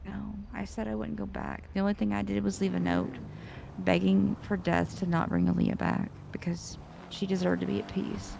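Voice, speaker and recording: A woman's voice: medium pitch, flat delivery, moderate pace, creaky, noisy background. A woman in a roleplay scene, venting in an upset way and swearing. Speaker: roleplay character. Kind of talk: in-character roleplay chat.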